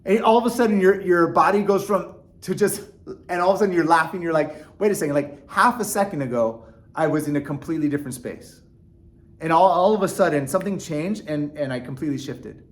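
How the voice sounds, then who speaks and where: Guy doing a motivational vlog, kinda high voice, earnest, lots of likes and restarts. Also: fairly quick. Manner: earnest, animated, many fillers and restarts. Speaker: vlogger. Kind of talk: casual motivational talk to camera.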